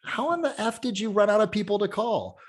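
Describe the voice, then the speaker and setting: A middle-aged man, a real estate coach, talking in a casual podcast chat, energetic and blunt, acting out quotes as he tells stories. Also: high-pitched, a little fast. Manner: energetic storyteller, swearing, acts out quotes.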